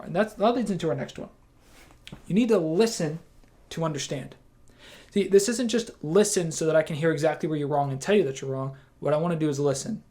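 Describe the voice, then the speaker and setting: A young man leading a team training session, talking casually and with emphasis and acting out quick quoted lines. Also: on the high side, mellow. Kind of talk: training talk to camera.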